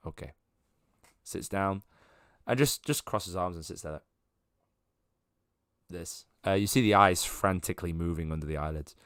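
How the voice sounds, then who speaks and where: Rambling low-voiced game master. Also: male voice, moderate pace, long pauses, fairly bright tone, smooth, no room sound, clean studio sound. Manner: rambling, with many fillers and laughs. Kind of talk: narrating a tabletop game.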